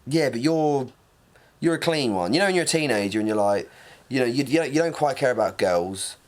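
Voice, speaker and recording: A man's voice: medium pitch, expressive, brisk. A man, co-hosting a casual podcast and telling rambling stories with silly impressions. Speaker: podcast co-host. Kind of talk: casual chat.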